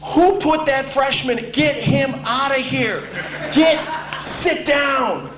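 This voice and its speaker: A man impersonating a gruff, exasperated old male football coach who barks his words. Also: extremely high pitch, slow pace, music in the background, pitched above the performer's own voice. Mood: yelling. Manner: barking, exasperated yelling. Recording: echoey room with faint hum.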